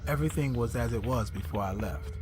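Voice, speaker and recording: Casting note: young man, podcast host, lively slangy storyteller, mid-range voice. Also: mid-range voice, fast, background noise. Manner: animated storyteller, slangy, swears, laughs. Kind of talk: storytelling with live chat.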